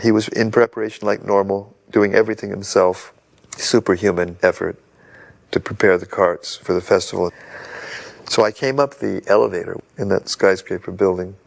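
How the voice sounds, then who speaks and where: A man's voice: deep voice, fairly even intonation, moderate pace, creaky. An older man in an interview, earnestly telling a story from memory. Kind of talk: reminiscing interview.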